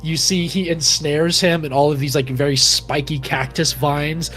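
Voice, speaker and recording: A man's voice: a little high, fairly even intonation, normal speed, fairly bright tone, soft background music. Casual male game master narrating. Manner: casual, filler-heavy.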